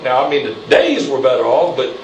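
A man's voice: medium pitch, sing-song, a little fast, far from the mic, slight background noise. Fiery preacher man in echoey church. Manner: preaching with rising intensity, calls for amen. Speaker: pastor. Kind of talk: fiery sermon. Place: church sanctuary. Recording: echoey church, mic from afar.

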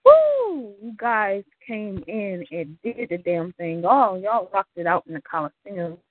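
A man's voice: high-pitched, unhurried, dry recording. A man hosting an online rap battle, talking in hyped, casual slang. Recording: tinny phone-like line with faint noise.

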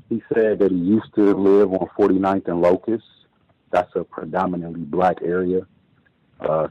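A man calling in to a radio show, speaking in a hesitant, measured way with many pauses. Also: low voice, darkish tone, slightly rough, no room sound, dull audio. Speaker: caller. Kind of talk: call-in radio commentary.

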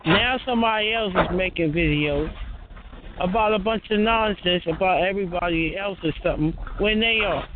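A man on a call-in, trying to calm down a heated argument. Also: high voice, normal speed. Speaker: caller on a community call. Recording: tinny phone line with loud noise.

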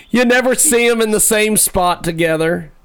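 A man's voice: high voice, normal speed, a bit bright, smooth. A male radio show host interviewing a guest in a casual, rambling way, laughing often and poking fun at himself.

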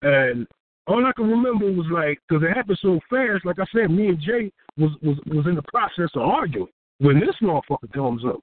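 A man from Houston, a rapper, telling a story in a casual interview, profane and animated, acting out what people said. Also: sits high, brisk. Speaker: rapper and guest. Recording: tinny phone-like dry sound.

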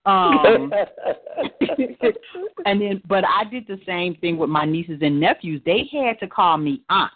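A woman's voice: fairly low pitch, lively intonation, slow. Reflective woman on a tinny line. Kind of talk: casual chat. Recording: tinny phone-like sound.

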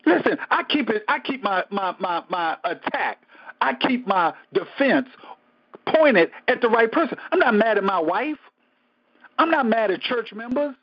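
A man, a pastor, teaching a Bible study in a conversational preaching style, emphatic and colloquial, often repeating phrases and breaking into praise. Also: high-pitched. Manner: casual colloquial speech. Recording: dull lo-fi recording.

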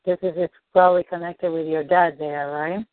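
A woman guides a client through a tapping session with gentle, probing questions. Her voice sits at an ordinary pitch. The sound is thin and phone-like, dry with no room echo. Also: fairly even intonation, normal speed. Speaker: coach. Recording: dry tinny phone-like line.

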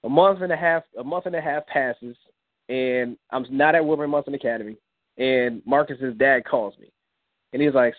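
A man's voice: normal speed, no room sound. A young man, the guest, earnestly telling a personal story in an interview and acting out the dialogue he recalls. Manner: earnest, acts out quoted dialogue with rising pitch. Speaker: guest, comic book creator. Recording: dry phone-line call-in audio.

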